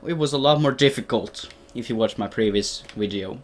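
A man's voice: mid-range voice, big pitch swings, normal speed. A young man doing playful, rambling gameplay commentary in a put-on Australian accent, talking to the characters on screen. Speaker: gaming video host.

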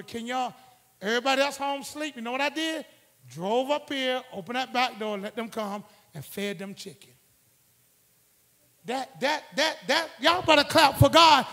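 A male preacher whose unusually high voice carries a gravelly, fry-laced texture. He rides the room in call-and-response, sliding from hushed asides up to shouted exhortations. The sound hangs in a long reverb, as in a large church hall. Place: church sanctuary.

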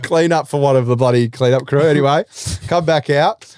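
A young man chatting on a podcast, rambling through a story with loud laughs and sudden shouts. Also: medium pitch, fairly quick. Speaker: guest. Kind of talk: casual chat.

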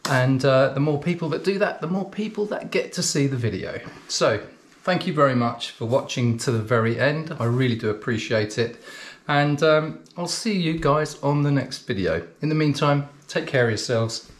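A man's voice: mid-range voice, moderate pace, slight background noise. A man teaching cookery, chatting casually to the camera while he eats and talking through mouthfuls. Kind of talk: casual tasting chat to camera.

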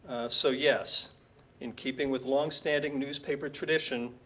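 A man reading a prepared humorous tribute aloud at an evening event, with dry, deadpan comic timing. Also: medium pitch, moderate pace, far from the mic. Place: lecture hall.

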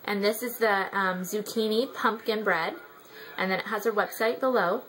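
A woman's voice: mid-range voice, moderate pace, fairly bright tone, faint music behind, rough recording. A young woman chatting casually in a product review vlog, rambling with many ums and likes. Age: young adult.

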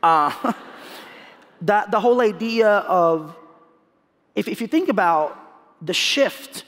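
Animated man on a reverberant stage. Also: high-pitched, takes it slowly. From Philippines. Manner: animated, laughs often, repeats words when restarting. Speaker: guest speaker. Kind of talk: onstage interview. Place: large hall on stage. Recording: hall reverb.

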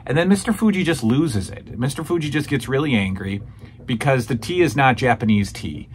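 A man's voice: medium pitch, expressive, brisk, slight background noise. Rambling man in casual chat. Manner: rambling, many restarts and fillers. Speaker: podcast host reviewing old wrestling shows.

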